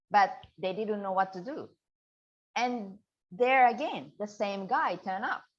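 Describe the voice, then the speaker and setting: Woman, interview guest, unhurried storytelling, muffled lo-fi audio. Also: mid-range voice. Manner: slow, searching, acts out quotes with laughs. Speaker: guest, spiritual practitioner.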